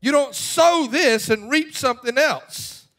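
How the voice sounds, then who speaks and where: A middle-aged man preaching from the pulpit in a very high voice. His tone is bright and forceful, and his emphatic delivery drops to a hush and then climbs to a shout. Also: measured pace. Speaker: pastor. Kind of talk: sermon.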